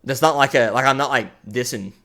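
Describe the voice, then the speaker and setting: A young man chatting on his podcast with a bright, forward tone. He talks in halting bursts, restarting his sentences, and breaks into laughter often. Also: mid-range voice. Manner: halting, many restarts and fillers, laughs easily. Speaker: podcast co-host. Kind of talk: casual chat.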